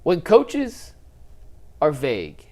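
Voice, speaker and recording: Higher-voiced male sports show host. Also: wildly swooping pitch, very slow, a little mellow. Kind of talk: sports talk show chat.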